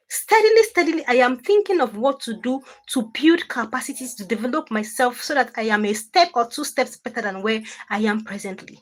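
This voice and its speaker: A woman hosting a livestream, reading comments and answering with animated, indignant repetition. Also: on the high side. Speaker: livestream host.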